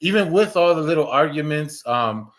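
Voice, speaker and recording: Guy in his 30s rambling thru a story, stammers n restarts a lot, voice sits a bit high. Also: animated, normal speed. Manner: rambling, many restarts and stammered repeats, swears casually; acts out quoted lines in a raised voice. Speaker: podcast co-host. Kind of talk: casual storytelling chat.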